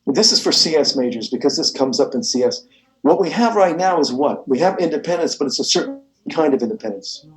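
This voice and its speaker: A man's voice: a little high, expressive, a little fast, reverberant, low-quality recording. A man lecturing a math class, rambling and correcting himself as he goes, with the odd chuckle. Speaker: math professor.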